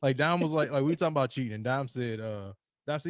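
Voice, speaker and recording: A man hosting a casual podcast chat, telling stories with animated, acted-out rants. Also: medium pitch, fast, dry recording, studio quality. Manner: animated storytelling, acts out quoted rants. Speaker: podcast host.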